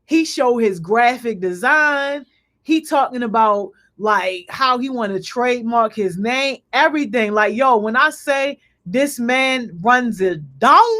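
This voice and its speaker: A woman hosting a youth program on a video call, giving casual, slangy shout-outs with lots of "yo" and laughter. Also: fairly high pitch. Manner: energetic, slangy, peppers speech with "yo" and laughter.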